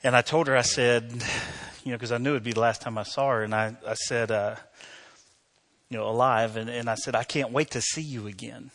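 A man's voice: medium pitch, little pitch movement, brisk, a bit bright. A middle-aged male pastor giving a sermon, telling a personal story in a conversational way with many fillers before building to emphatic preaching.

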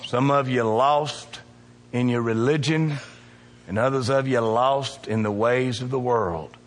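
A man's voice: medium pitch, a little slow, in a large hall. A male pastor preaching a sermon, emphatic and calling out to his congregation in a church. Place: church sanctuary.

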